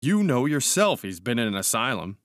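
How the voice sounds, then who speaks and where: Brash young male cavalry officer, a man doing the voice, hearty, blunt, brisk. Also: mid-range voice, sing-song, fairly bright tone, dry recording, clean studio sound.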